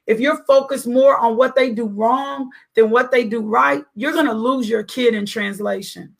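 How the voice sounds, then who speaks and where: A woman's voice: on the high side, normal speed, vocal fry, hardly any pauses. A middle-aged mother giving an earnest, preachy faith-based parenting talk, full of rhetorical questions.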